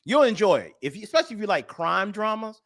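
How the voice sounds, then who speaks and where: A man co-hosting a comedy radio show, excitable and slangy in casual banter. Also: sits high, quick pace, no room sound, clean studio sound. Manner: excitable, slangy, says "bruh" a lot.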